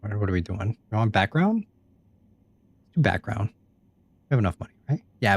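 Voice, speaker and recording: A young gaming YouTuber gives casual commentary on his gameplay, joking, putting himself down and swearing freely. His fairly low voice has a sing-song lilt, moves at normal speed and pauses often.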